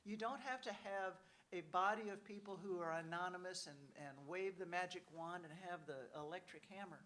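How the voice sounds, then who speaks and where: A woman's voice: fairly low pitch, moderate pace, a bit bright, a little hiss or hum. A woman speaking as a panelist at a conference. She talks conversationally, often says "you know", and acts out what officials might say. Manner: frequent "you know" asides. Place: conference hall.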